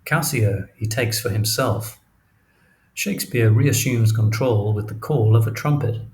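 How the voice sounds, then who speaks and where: A man reads nonfiction prose for an audiobook. His delivery is measured and deliberate, and his voice sits a little low. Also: a little mellow, slight background noise. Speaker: audiobook narrator. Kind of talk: audiobook narration.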